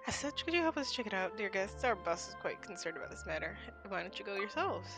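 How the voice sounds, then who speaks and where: A woman's voice: mid-range voice, very animated, fast. A woman reading aloud the lines of a pompous, scheming toy shop clerk in a game, in a theatrical, flowery manner. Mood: persuasive. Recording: game music behind.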